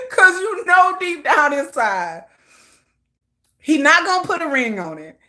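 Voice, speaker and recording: Bubbly high-voiced woman livestreamer. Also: slow. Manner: animated, laughs often, playful gossiping. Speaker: livestream host. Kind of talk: casual storytelling chat.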